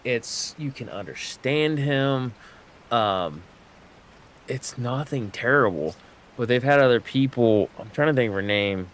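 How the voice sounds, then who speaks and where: A man whose first language is English streams a game while chatting casually, rambling with plenty of fillers and restarts. His medium-pitched voice has lively intonation and a measured pace, with slight background noise.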